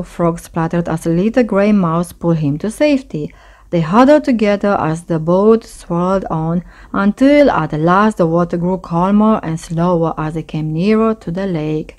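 A woman reading a bedtime story aloud as storyteller, in a gentle, expressive way. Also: fairly low pitch, moderate pace.

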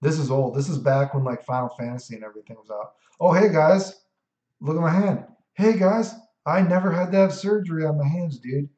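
A man's voice: a little high, fast, hardly any pauses, darkish tone. A man streaming a fighting game, commentating in a brash, boastful, profane way. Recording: echoey room, dull lo-fi mic.

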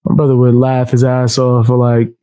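A man's voice: medium pitch, monotone, normal speed, warm tone, dry recording. A man casually reacting to a video clip, talking back to it with slang and jokes.

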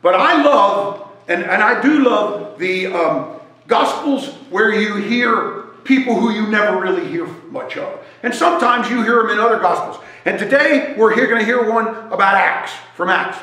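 A guest speaker at a church service gives a sermon as an animated, joking story, wandering as he talks. His voice sits high and his pace is normal, and the echoey church sanctuary rings around him.

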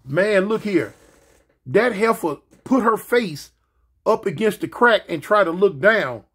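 Man, casual storyteller, slangy, animated, sound effects, big pitch jumps. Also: a little slow, slightly rough. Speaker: storyteller recounting his prison days.

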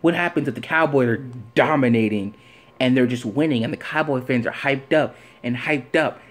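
A man's voice: medium pitch, moderate pace. A man giving an opinionated sports commentary rant, firing off rhetorical questions and repeating phrases for emphasis. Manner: animated, fires off rhetorical questions. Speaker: sports vlogger.

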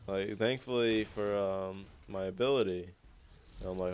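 A man's voice: deep voice, fairly even intonation, normal speed, a little mellow, a little hiss or hum. A young man giving rambling gameplay commentary over a recorded match, swearing often and mocking his own play.

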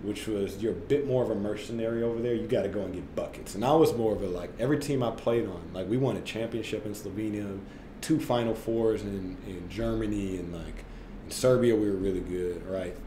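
Brisk and on the low side, this thirty-something ex-basketball player chats as a podcast guest, spinning animated, laugh-filled stories full of "like" and "right?". The recording has a roomy echo plus a little hiss or hum.

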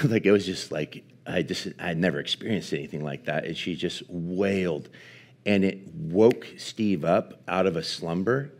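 A man preaching at a live church service, telling a personal story in an earnest, halting way with many restarts. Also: low-pitched, darkish tone. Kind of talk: sermon storytelling.

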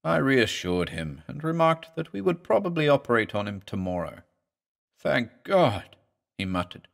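A man reads a horror tale aloud in a grave, dramatic voice. His mid-pitched delivery swings widely in pitch, rising and dropping with the story. It is scripted storytelling from start to finish. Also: very animated, fairly quick, creaky. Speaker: narrator.

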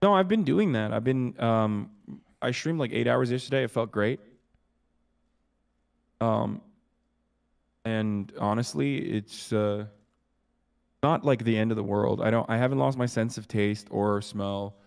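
A man's voice: lowish voice, unhurried, vocal fry, pauses often. A man streaming live, chatting casually and crudely while tired and sick with covid. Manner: crude, swears a lot, jokey. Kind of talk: casual chat.

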